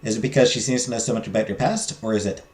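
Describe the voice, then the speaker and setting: A man streaming a story game, reading its narration and chatting in an animated, rambling, self-deprecating way. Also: fairly low pitch, racing, echoey room. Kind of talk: casual game commentary and narration.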